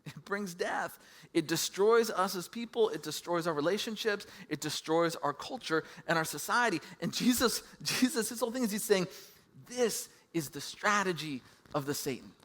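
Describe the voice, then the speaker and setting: Bright-voiced storytelling male pastor. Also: sits high, lively intonation, moderate pace. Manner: conversational storytelling with self-deprecating humor. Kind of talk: sermon.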